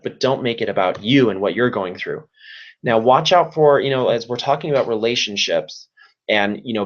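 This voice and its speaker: A youth service provider gives a webinar presentation in a medium-pitched voice with lo-fi sound. He speaks earnestly and repetitively, sharing practical tips.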